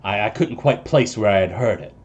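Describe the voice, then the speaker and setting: A man playing a nervous, deferential house servant with a lowish voice, stumbling over his words and answering politely to every question. He keeps his speech formal and halting, full of hesitations, as in a tabletop role-playing game. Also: expressive, breathy edge, muffled recording. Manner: hesitant, formal, many "uh"s and "sir"s. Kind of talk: voicing a character in a tabletop game.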